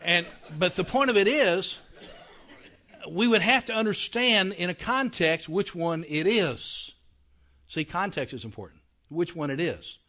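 A man with a slightly raised pitch teaching a Bible class. He talks plainly and conversationally, keeps asking whether his listeners are following, and draws out the words he wants to stress. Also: animated, a little slow, pushed and bright. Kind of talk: classroom lecture to a congregation.

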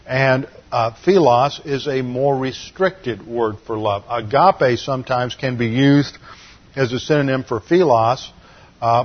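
A man delivering a teaching sermon with a mid-range voice. He explains slowly and methodically and often restarts his sentences. The recording sounds slightly dull and lo-fi. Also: mid-range voice. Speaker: Bible teacher. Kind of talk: sermon lecture.

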